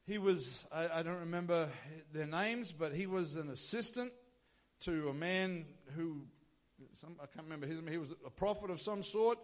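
A man preaches a sermon from the pulpit. His voice sits high for a man. He drives his points with rhetorical questions and repeated lines. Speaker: pastor.

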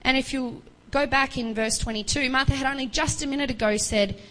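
A woman's voice: sits high, fairly quick, a bit bright, rough recording. A woman preaching a sermon, retelling a Bible story earnestly and acting out the voices of its figures with pleading rises.

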